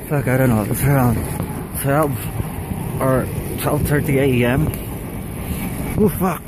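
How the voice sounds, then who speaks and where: A man's voice: mid-range voice, takes it slowly, pauses often. Shivering man vlogging on a noisy street. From Philippines. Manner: excitable, swears a lot, rambling. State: shivering from cold. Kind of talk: casual vlog. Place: outdoors on a city street at night in snow. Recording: loud outdoor street noise. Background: loud traffic and street noise.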